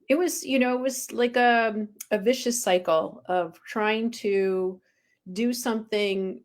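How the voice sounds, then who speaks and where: A woman guest, a spiritual coach, telling her own story frankly and with self-deprecating humor, with frequent ums. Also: mid-range voice. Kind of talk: candid personal storytelling.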